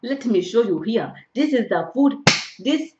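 A woman doing a proud, loud African food seller. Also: fairly high pitch, expressive, unhurried, echoey room, very noisy, voice pushed up. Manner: boastful, insistent, loud and upbeat. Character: chatty adult woman from Africa proudly showing her jollof food. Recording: dull lo-fi home audio.

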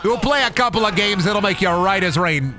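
A man's voice: high voice, a little fast, over music, pitched above the performer's own voice, natural voice. A man voicing a profane, folksy male Minnesotan dock worker who drawls and calls everyone bud.

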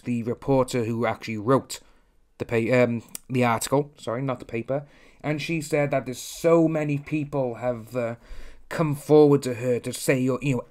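A young man hosting a casual opinion commentary, talking bluntly and ranting, often mimicking others. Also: medium pitch. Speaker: commentary channel host.

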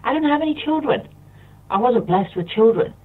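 A man close to tears pours out a rambling, impassioned monologue, circling back over the same phrases. His voice is husky and comes through a tinny phone line, heard from some way off the mic. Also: very high voice, expressive, normal speed, far from the mic. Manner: rambling, impassioned, repeats himself. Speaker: radio show guest.

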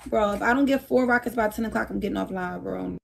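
With a gravelly, medium-pitched voice and a fast pace, a young livestream host curses at her viewers, scolds them and begs for gifts in casual stream chatter.

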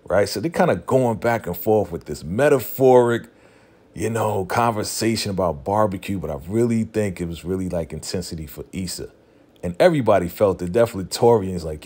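A man's voice: low-pitched, brisk, a little mellow. A man casually recapping a TV episode, animatedly retelling scenes, acting out the characters' lines and laughing often, with loose slangy speech full of "you know" and "right.". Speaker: TV recap vlogger.

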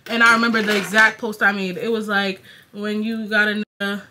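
A young woman, a YouTuber, telling a slangy, animated storytime in a casual vlog. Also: medium pitch, fairly quick, noisy background. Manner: slangy, animated, quotes others in her own voice.

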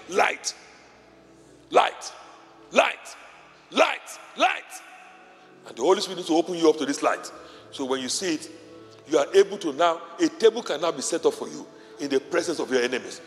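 A male pastor preaching a sermon in a large church auditorium, with impassioned delivery and short repeated phrases. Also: fairly high pitch. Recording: long hall reverb with faint music.

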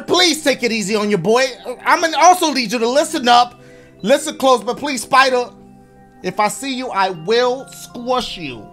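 A man giving energetic, rambling, slangy gaming commentary as a YouTuber, often shouting. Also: extremely high pitch.

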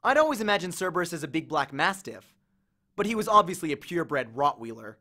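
A man reading a novel chapter aloud with an expressive, animated delivery. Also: a little high, fairly quick. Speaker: audiobook reader. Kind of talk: storybook reading.

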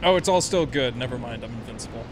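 A man's voice: medium pitch, lively intonation, quick pace, background noise. A young man streaming a game live, chatting, laughing often, swearing and bantering with his chat. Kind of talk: live gameplay commentary.

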